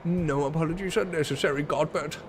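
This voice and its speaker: A man's voice: a little high, fairly quick, slight background noise, pitched above the performer's own voice, lightly acted. A man reading aloud as a formal, earnest young queen.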